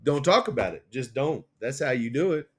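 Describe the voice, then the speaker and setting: A man co-hosting a political podcast, rambling and animated as he retells stories with quoted voices. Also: mid-range voice, a little fast, husky. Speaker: podcast co-host. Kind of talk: casual political chat.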